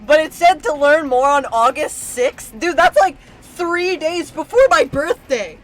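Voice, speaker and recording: A woman streamer reacting live, excitable, casual and swearing freely as she shouts and laughs. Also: high voice, a little slow.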